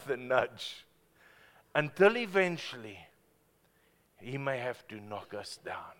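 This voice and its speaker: Animated pastor preaching. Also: male voice, medium pitch. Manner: animated storytelling, swings from loud to hushed. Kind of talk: sermon. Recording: hall reverb.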